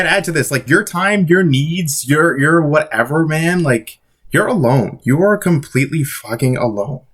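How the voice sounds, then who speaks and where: Man, mid-pitched voice, casual vlog monologue, blunt, profane, emphatic, rambling, rhetorical questions. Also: a bit bright. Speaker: vlogger.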